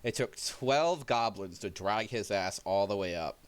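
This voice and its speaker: Deep lively guy dm-ing a tabletop game, rambly and loose, swears a lot. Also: unhurried, clear, resonant tone. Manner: rambling, casual, swears freely. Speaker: game master.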